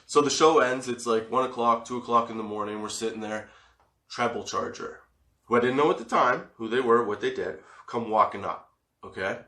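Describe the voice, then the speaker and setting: Man, comedy podcast host, from Canada, storytelling, bright forceful voice, lots of swearing, laughs often, echoey room. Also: medium pitch, moderate pace. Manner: animated, swearing, laughing often, acting out quotes.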